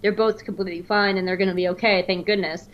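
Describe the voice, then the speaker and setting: A woman's voice: fast talker, dull audio. Chatty woman telling convention stories. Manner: animated storyteller, mimics voices with high squeals. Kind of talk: casual chat.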